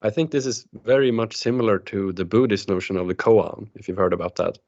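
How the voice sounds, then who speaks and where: Hesitant low-voiced man on a call. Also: a little mellow. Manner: measured, hesitant, with fillers. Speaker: seminar student. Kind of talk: casual seminar discussion. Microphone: video call. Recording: lo-fi online call audio.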